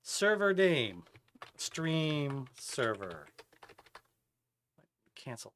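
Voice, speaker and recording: A man's voice: on the high side, moderate pace, noisy background. A man streaming a game live, chatting casually and reading and answering his chat as he plays. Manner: animated, chatty, reads chat aloud.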